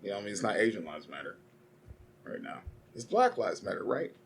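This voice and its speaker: A man's voice: on the low side, very animated, fast, vocal fry, husky. A young man co-hosting a casual podcast, rambling and swearing as he argues and tells stories. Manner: profane, rambling, heated storytelling. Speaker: podcast co-host.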